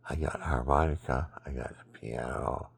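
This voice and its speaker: A sleepy, exhausted man rambling through a religious monologue into his phone at home, swinging from loud bursts to murmurs. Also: a bass voice, steady tone, normal speed, creaky, husky. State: sleepy, extremely tired. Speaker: vlogger.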